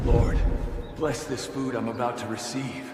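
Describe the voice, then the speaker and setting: A man voicing a pious, startled man saying grace in a comedy skit, in an echoey space with loud music. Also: medium pitch, steady tone, unhurried, close to an everyday voice.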